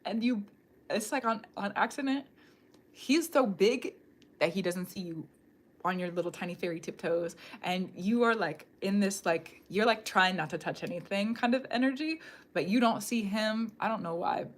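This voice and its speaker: A tarot reader gives a live psychic reading from a room in her home, speaking at normal speed in a mid-range voice. She rambles in an animated way and talks directly to the viewer.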